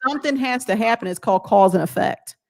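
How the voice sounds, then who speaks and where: A woman's voice: medium pitch, lively intonation, fast, creaky, a little mellow. A woman vlogger giving a blunt, emphatic motivational talk in a casual way.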